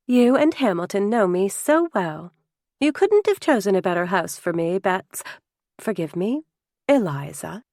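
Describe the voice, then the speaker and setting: A woman's voice: medium pitch, very animated, unhurried, a little mellow, dry recording, clean studio sound. A woman reading an audiobook, voicing an effusive, playful, fashionable older sister who teases and gushes. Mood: delighted. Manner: gushing, teasing.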